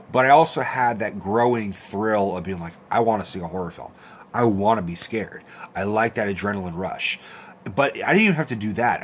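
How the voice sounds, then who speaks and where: A young man telling a story in a casual, animated, profane rant, acting out quotes with squeaky voices. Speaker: host of a horror film rant channel.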